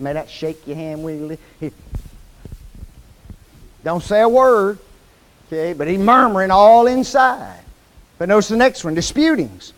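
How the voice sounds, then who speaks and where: A man preaching a sermon in a church, asking the congregation questions and quoting scripture slowly and emphatically. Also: high-pitched, low-quality recording. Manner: lively call-and-response questions to the congregation. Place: church hall.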